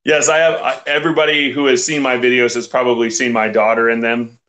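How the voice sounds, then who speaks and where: Bright-voiced laid-back man on a call. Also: mid-range voice, flat delivery, fairly quick. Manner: laid-back, laughs easily. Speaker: guest. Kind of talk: casual chat on a video call.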